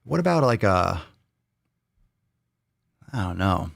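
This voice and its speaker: A man's voice: sits low, big pitch swings, takes it slowly, gravelly, a bit bright, no room sound, studio quality. An American man hosting a casual live Q&A, rambling and joking with his viewers, often repeating himself. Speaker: livestream host.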